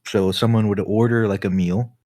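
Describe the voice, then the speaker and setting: A young man with a fairly low voice tells a story on a casual podcast. He swears freely and keeps breaking into laughter as he talks. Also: steady tone, normal speed, mellow. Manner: laughs often while telling stories. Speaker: podcast co-host. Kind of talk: casual chat.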